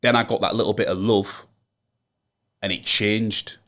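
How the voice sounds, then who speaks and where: A man's voice: on the low side, steady tone, a little slow, a bit bright. A young man with a Yorkshire accent, a rapper from Hull, talking earnestly and emphatically in a casual interview. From Hull, Yorkshire, England. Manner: earnest, emphatic, builds to rallying advice. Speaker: rapper, guest.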